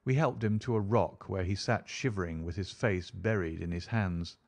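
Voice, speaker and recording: A man narrates an audiobook in a steady, dramatic style. His voice sits low. He gives each scene careful weight without rushing. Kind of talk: scripted narration.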